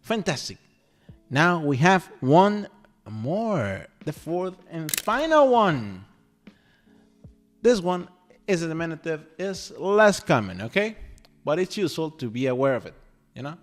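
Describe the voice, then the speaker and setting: With faint music in the background, a native Spanish speaker runs a playful, chatty language lesson that's lively and scripted. He keeps checking in with the listener, often asking "okay?" and his high-leaning voice is unhurried, with long pauses.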